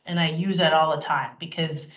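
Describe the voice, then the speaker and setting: A woman's voice: deep voice, steady tone, moderate pace. A middle-aged woman giving a candid, emphatic motivational talk to an audience, acting out the things people said. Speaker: speaker. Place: event hall. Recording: roomy, dull lo-fi sound.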